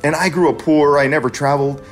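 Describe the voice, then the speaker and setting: A man's voice: on the high side, steady tone, fast talker. Brief: earnest forties man, personal story narration, faint music underneath. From California. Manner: earnest, plain-spoken, conversational.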